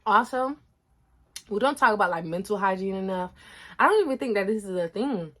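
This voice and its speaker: A chatty, animated vlogger in her twenties tells a story to the camera, addressing her viewers directly as y'all. Her mid-range voice moves fairly quickly and drops low and soft for asides.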